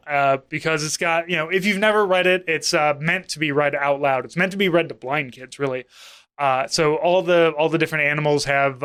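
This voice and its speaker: In casual podcast chat, a thirtysomething co-host from St. Louis, Missouri, talks in a rambling, profane way, repeatedly cutting into his own sentences. His voice is smooth and bright, pitched slightly high for a man.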